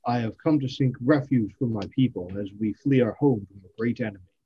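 A man's voice: mid-range voice, brisk, slightly rough, lightly acted. A man playing a grave dwarf lord who pleads for his people in a solemn, earnest way, heard over a lo-fi remote microphone.

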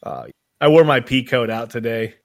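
A man's voice: mid-range voice, moderate pace, vocal fry. A man co-hosting a podcast, joking and telling stories in casual chat. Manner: joking, laughs easily, storytelling. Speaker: podcast co-host.

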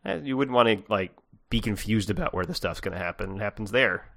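A man's voice: on the low side, animated, quick pace, creaky, a bit bright. A man co-hosting a podcast, chatting in an easygoing way, agreeing and adding wry quips. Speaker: podcast co-host. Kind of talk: casual chat.

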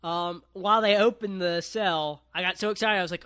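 A man's voice: high voice, normal speed, few pauses, pushed and bright. A man casually recapping a wrestling match on a podcast, laid-back, with lots of ums and casual swearing.

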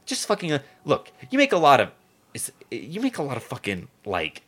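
A man's voice: a little high, wildly swooping pitch, moderate pace, fairly bright tone. A man hosting a podcast, rambling sarcastically and swearing a lot as he chats about local news. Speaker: podcast host. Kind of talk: casual profane local-news chat.

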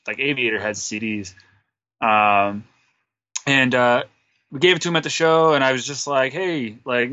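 A man's voice: mid-range voice, pushed and bright, dry recording, muffled recording. A man on a podcast as a guest, telling a rambling, self-deprecating story full of fillers. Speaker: podcast guest, wrestler and musician. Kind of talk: casual interview storytelling.

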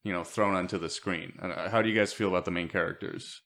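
Guy on a podcast, kinda low voice, rambles and opinionates, lots of "like"s. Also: steady tone, quick pace, fairly bright tone. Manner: opinionated, rambling with filler words. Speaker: podcast co-host. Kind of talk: casual movie-discussion chat.

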